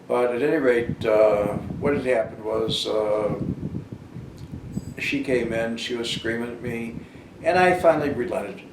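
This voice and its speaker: A man's voice: medium pitch, measured pace. An older man telling a rambling personal story in a casual monologue, full of fillers and restarts. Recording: roomy and noisy, far from the mic.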